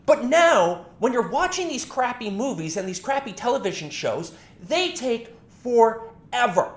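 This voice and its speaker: A man's voice: extremely high pitch, sing-song, unhurried. A man reviewing films in a sarcastic, rambling monologue that keeps correcting itself. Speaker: film reviewer. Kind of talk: casual opinion monologue. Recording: echoey room.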